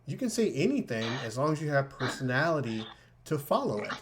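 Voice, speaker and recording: Emphatic male podcast co-host with a fairly high voice who voices other people's quotes. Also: big pitch swings, fairly quick, noisy background. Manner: emphatic, acts out quoted remarks. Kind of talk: casual political chat.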